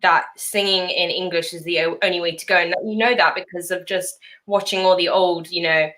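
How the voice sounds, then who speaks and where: A woman hosting a casual chat, talking in a lively way, often laughing and jumping up in pitch. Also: a little fast. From Europe. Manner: chatty, laughing, animated pitch jumps. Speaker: YouTube host.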